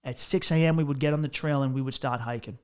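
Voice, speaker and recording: A young American man talks fast in a clean, medium-pitched voice with fairly even intonation. Hosting his podcast, he spins a long travel story in a rambling, profane monologue, restarting himself again and again.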